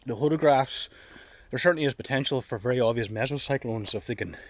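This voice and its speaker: A Northern Irish man talks to his camera while walking a dog through the countryside, slightly out of breath from the walk. He sounds excited and thinks out loud in loose, rambling sentences. His pitch sits in an ordinary middle range. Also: fast talker, no room sound. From Northern Ireland. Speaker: storm chaser vlogger. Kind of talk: casual vlog monologue.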